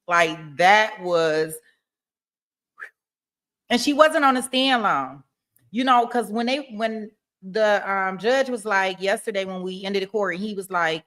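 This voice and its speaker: Hosting a casual live stream, a woman talks about a court case and reads out viewer comments, laughing a lot and saying things more than once. Her mid-range voice is expressive, fairly bright and a little slow.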